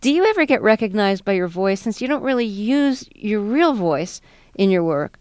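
Sex: woman. Role: radio interviewer. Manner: brief, plain questions. Pitch: mid. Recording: dry studio. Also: sing-song, normal speed, a little mellow, clear, resonant tone, no room sound. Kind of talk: interview questions and closing announcement.

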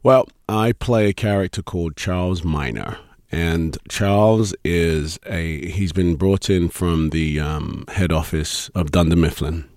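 A British man, an actor guest, chatting casually in an interview, chuckling often and filling pauses with um and you know. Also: sits low, dry recording, studio quality. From Britain. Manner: relaxed, chuckling, many ums and you-knows.

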